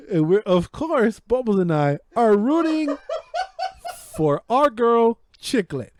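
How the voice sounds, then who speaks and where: A man co-hosting a podcast, telling a story in casual, profanity-heavy chat that keeps building in excitement. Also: high voice, very slow, long pauses. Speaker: podcast co-host. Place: home podcast setup.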